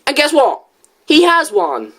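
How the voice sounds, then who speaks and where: A young video reviewer in casual, rambling commentary, answering a critic with restarts and asides. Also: measured pace. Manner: rambling, restarts, lively pitch swings.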